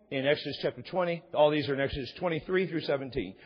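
Middle-aged man, pastor, sermon, acts out dialogues, husky tone, dull recording with long reverb. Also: fast talker. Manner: conversational, acts out dialogues with rising pitch. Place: church sanctuary.

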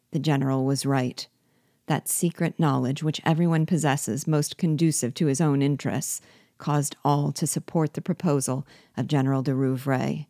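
Low-voiced woman reading a classic novel. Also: dark tone, no echo, clean studio sound. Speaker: narrator.

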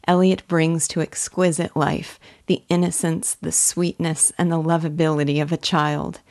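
Low-voiced woman guiding through a novel. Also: no echo, studio quality. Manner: earnest, admiring, measured reading. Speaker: literature guide. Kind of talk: scripted literary commentary.

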